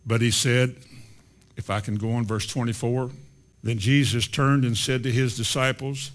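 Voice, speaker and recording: A man preaching a sermon, swinging from loud, quick rhetorical questions to slow, quiet passages, and reading scripture slowly. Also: mid-range voice. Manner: reads scripture slowly and deliberately.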